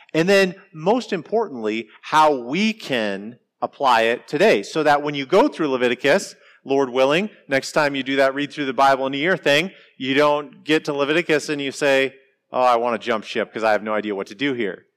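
A man leads a church Bible class in a relaxed lecture style. He explains step by step and talks conversationally. His voice jumps upward whenever he stresses a point. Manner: conversational, explanatory, lively pitch swings on emphasis.

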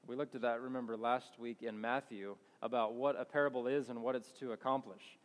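Reading passages aloud and unpacking them, this man gives a sermon in a conversational manner, often stopping to correct himself. He talks a little fast with few pauses in a mid-range, fairly even voice, heard with long hall reverb.

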